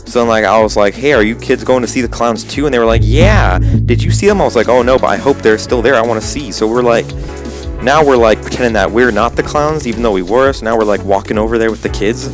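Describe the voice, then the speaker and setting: A man's voice: mid-range voice, fast, music in the background. A teenage boy and gaming channel host telling a story casually, rambling with lots of fillers. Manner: rambling, full of "like" and "um".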